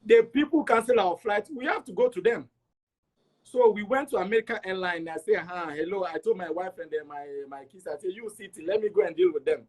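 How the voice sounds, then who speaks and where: Middle-aged man, husky, a touch high. Animated storyteller, interview guest. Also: a little fast. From Togo. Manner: animated, acts out dialogue with repeats.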